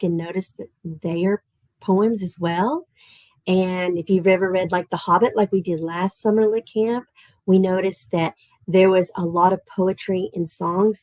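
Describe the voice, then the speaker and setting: A woman with a Southern Tennessee accent teaching a live online literature lesson to children, chatting, asking questions and reading verse slowly. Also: medium pitch, no room sound, poor audio. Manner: chatty and animated, asks kids questions, reads verse slowly and rhythmically. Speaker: teacher leading an online summer literature camp.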